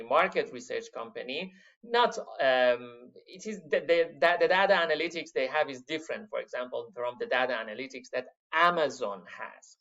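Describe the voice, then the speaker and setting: A man giving a university lecture to his students, halting with many fillers, stressing key words and calling the class "my friends". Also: medium pitch, fairly bright tone. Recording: dull lo-fi lecture recording.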